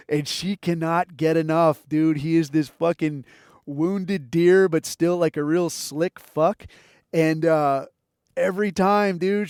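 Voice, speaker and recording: A man's voice: on the high side, a little mellow, dry recording, clean studio sound. A middle-aged man hosting a podcast, telling rambling, profane stories and swearing constantly. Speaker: podcast host. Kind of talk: casual storytelling monologue.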